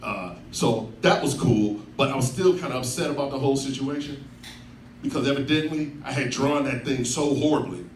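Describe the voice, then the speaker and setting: A man's voice: mid-range voice, moderate pace. A man in his thirties telling a laid-back stand-up story on a club stage into a handheld mic. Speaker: stand-up comedian. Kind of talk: stand-up set. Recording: echoey club from far off. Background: room noise and audience.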